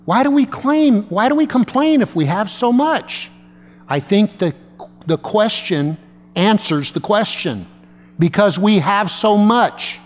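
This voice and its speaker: Male pastor, high voice, chatty joking sermon, long church reverb. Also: animated, takes it slowly. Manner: conversational, self-deprecating humor.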